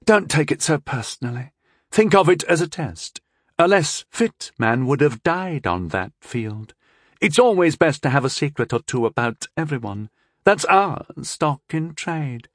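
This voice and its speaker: Guy reading as a scheming teen princess, higher voice, sly and condescending, lively swoops, dry close sound. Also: measured pace, dry recording. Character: scheming sixteen-year-old princess, cold and tipsy. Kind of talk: audiobook character voice.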